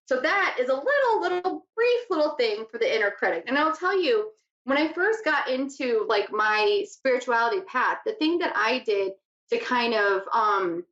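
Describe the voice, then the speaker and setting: With a slightly high, a bit bright voice and lively intonation, a woman hosts a psychic talk show at a moderate pace. She teaches casually, chats, laughs easily, and drifts off topic; the room sound is echoey and lo-fi.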